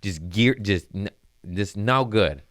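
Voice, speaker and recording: A young man, a comedian hosting a podcast, telling a story in a profane, animated casual way. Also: fairly low pitch, takes it slowly, no echo, clean studio sound.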